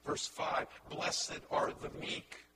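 A man preaching a sermon as pastor, impassioned, swinging from hushed lines to loud ones and repeating words as he builds a point. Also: takes it slowly, heavy background noise.

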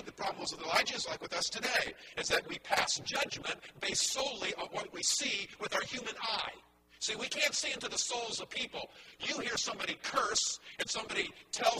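A man's voice: high-pitched, in a large hall. A man preaching a sermon, retelling scripture and breaking in with rhetorical questions and asides. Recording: distant mic with clear background noise.

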